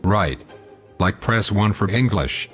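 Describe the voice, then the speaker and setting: A man's voice: on the low side, animated, slow, faint music behind. A man hosting a scripted comedy show, pompous, long-winded and sarcastic. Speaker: host.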